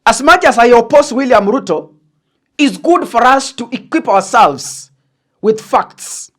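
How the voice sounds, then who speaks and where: A woman with a Kenyan accent giving a political analysis monologue, deliberate and emphatic, slipping into Swahili phrases. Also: fairly high pitch, lively intonation. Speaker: political commentator.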